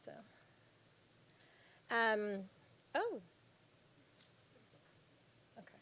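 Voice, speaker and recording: A woman's voice: on the high side, lively intonation, takes it slowly, pauses often. A woman in her thirties giving a candid, earnest personal talk to a live audience from a stage, with plenty of fillers. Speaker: speaker at a live storytelling event on failure. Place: event stage before an audience.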